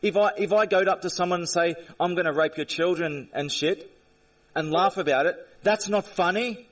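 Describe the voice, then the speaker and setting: A man's voice: high voice, normal speed, a bit bright, recorded from a distance, rough recording. A man in an angry, confrontational rant at a chat viewer during a live stream, repeating himself and swearing.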